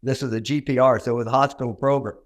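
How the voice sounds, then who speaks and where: A man's voice: mid-range voice, steady tone, very fast. An older man from Arkansas with a Southern accent, telling stories in a folksy, self-deprecating way as a dentist guest in an interview. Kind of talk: conversational interview storytelling.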